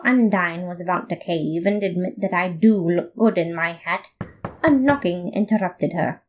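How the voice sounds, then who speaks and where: A woman reading a comic fan story aloud in playful, expressive first-person narration. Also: on the low side, unhurried, slight background noise. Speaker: podfic reader.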